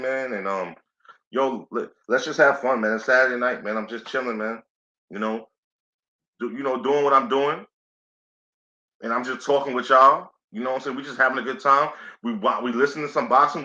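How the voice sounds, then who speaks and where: Male stream host, easygoing and talkative, bright tone, dull lo-fi mic. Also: mid-range voice, fairly even intonation, fairly quick. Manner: laid-back, chatty, says "you know what I'm saying" a lot. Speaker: boxing play-by-play host. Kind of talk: casual live commentary stream. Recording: echoey room, dull lo-fi sound.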